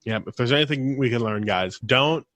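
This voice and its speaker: A man's voice: medium pitch, moderate pace, a bit bright, no echo. A man hosting a podcast in casual chat, playful and teasing, cracking jokes. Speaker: podcast host.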